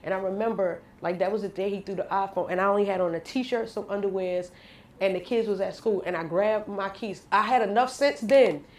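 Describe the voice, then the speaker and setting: A woman's voice: medium pitch, brisk, darkish tone, echoey room, slight background noise. A woman guest in a candid radio interview, telling a personal story bluntly and with slang.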